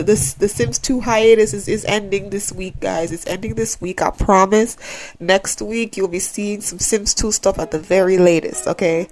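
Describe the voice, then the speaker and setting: A woman's voice: medium pitch, a little mellow. A tired woman chatting casually to her viewers as a gaming vlogger, rambling and repeatedly asking them to subscribe. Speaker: Sims YouTuber.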